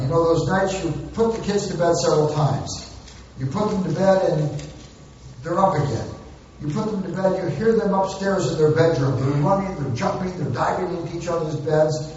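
A man's voice: a little high, darkish tone, slight background noise. Echoey, distant man preaching in a hall. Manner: acts out parent and child lines for humor. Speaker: pastor. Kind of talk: sermon on parenting. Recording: very echoey hall, distant mic, dull sound.

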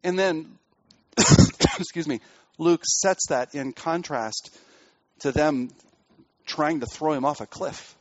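A man preaching a sermon in an earnest way, building to emphatic peaks and then dropping to quiet asides. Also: a little high, slow, no room sound, dull audio. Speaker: pastor.

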